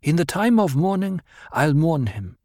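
A man's voice: very animated, measured pace, a little mellow, no echo. A man voicing an anxious, proud young desert woman in a raised, insistent voice, in a dry recording. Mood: wary. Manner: pleading, insistent, high put-on voice.

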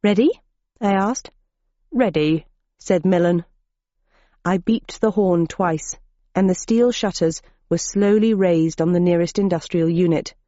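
Low, mellow woman narrating dryly. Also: steady tone, measured pace, no room sound. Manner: dry, wry storytelling. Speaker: audiobook narrator. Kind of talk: first-person audiobook narration. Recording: dull lo-fi recording.

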